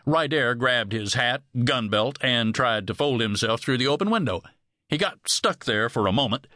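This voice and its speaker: A man reading a western novel as an audiobook narrator, measured storytelling with close studio miking. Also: medium pitch, expressive, sharp tone, no room sound. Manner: measured storytelling with varied voices.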